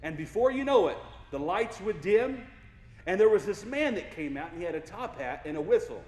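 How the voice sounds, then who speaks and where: A young man speaks from a stage as a keynote speaker, goofy and playful, swinging his pitch widely as he works the audience. His voice sits a little high for a man. It carries with a long, echoey reverb, as heard in a large hall from out in the room. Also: expressive, fast, a little mellow. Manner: goofy, playful, engages the crowd. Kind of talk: motivational keynote speech.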